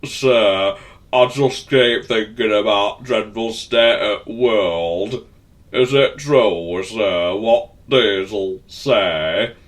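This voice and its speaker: A man's voice: mid-range voice, expressive, drawn-out words, fairly bright tone. A man voicing a big, proud male express engine who speaks in a mournful, sighing way. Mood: sorrowful.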